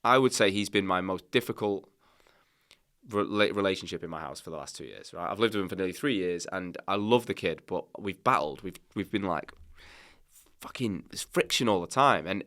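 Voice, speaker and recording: Man, thirties, podcast guest, candid, animated, swears a lot, lowish voice, bright and forceful. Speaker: podcast guest, company founder. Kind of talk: casual conversational storytelling.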